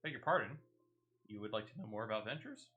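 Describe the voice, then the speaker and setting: A man's voice: fairly low pitch, lively intonation, fast, phone-quality sound, faint music behind, lightly acted. A man reading aloud the lines of a polite, formal male clerk from a video game. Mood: courteous. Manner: reads dialogue aloud plainly.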